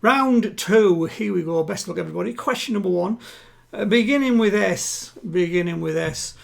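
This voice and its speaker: A man hosting a live-streamed home quiz, chatting with players and reading each question twice, slowly. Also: high voice, vocal fry. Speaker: quiz host. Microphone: home streaming setup.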